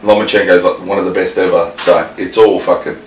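A man's voice: sits low, level tone, a little fast. A man with an Australian accent, co-hosting a casual podcast chat, rambling and swearing with many restarts. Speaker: podcast co-host. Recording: roomy, distant mic with faint noise.

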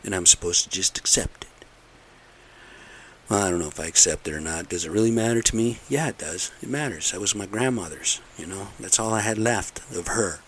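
A man's voice: lowish voice, quick pace, few pauses, a bit bright, slight background noise. A middle-aged man in a casual, rambling monologue, blunt and aggrieved, repeating himself as he rants. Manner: aggrieved, blunt, repetitive ranting.

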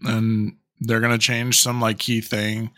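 A man with a bright, edgy tone chats about a film on a podcast, recorded dry and close. He is animated, drops casual swears, and tosses in fun facts. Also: lowish voice, unhurried, no echo. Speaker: podcast co-host. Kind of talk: casual movie review chat.

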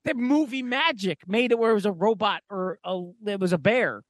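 A man's voice: sits high, moderate pace, no room sound. A man co-hosting a podcast, telling a casual, profane, rambling story full of "like" fillers. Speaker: podcast co-host.

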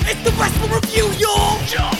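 A man voicing a hyped-up show announcer who shouts a theme intro. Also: very high voice, completely flat delivery, moderate pace. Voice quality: shouting, hype-man delivery. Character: hyped-up male hip-hop show announcer. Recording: loud metal music under the voice.

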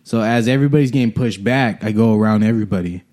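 A young man from Watsonville, California, casually telling a profane, animated story about a party fight, often laughing. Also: on the low side, quick pace.

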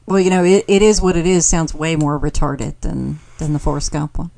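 A woman's voice: deep voice, steady tone, fairly quick, creaky, dark tone. A woman with a Southern US accent, co-hosting a podcast, dry and blunt as she teases her co-host in casual chat. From American South.

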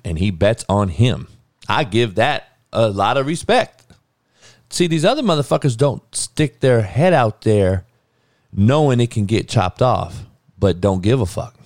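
Heated male podcast host with a lowish voice: blunt, profane opinion rant with a dry, close sound. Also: expressive, measured pace, a little mellow, no echo.

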